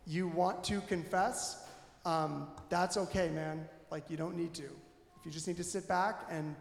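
A man preaching a candid, conversational sermon in a church, animated and self-deprecating. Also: high voice, vocal fry. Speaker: pastor. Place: church sanctuary. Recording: echoey hall with long reverb.

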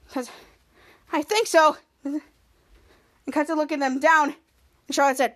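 Podcast host lady going over an episode scene by scene, super high voice, pops up louder for the quotes. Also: steady tone, normal speed, long pauses. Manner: choppy scene-by-scene retelling, acting out quoted lines louder and higher. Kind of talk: episode recap.

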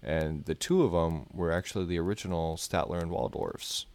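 A man co-hosting a casual movie-review chat, explaining trivia in a measured way. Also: low-pitched, gravelly, a little mellow, dry recording. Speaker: podcast co-host.

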